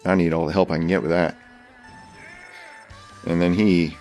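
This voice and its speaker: A man's voice: low-pitched, little pitch movement, moderate pace, a little mellow, soft background music. A man chatting casually and laughing at himself between comedic bits. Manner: self-deprecating, laughing at himself.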